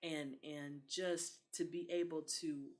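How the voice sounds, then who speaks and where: A woman's voice: sits low, steady tone, slow pace, a little mellow. A woman, talking earnestly in a casual podcast conversation and acting out the voices she quotes. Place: Texas.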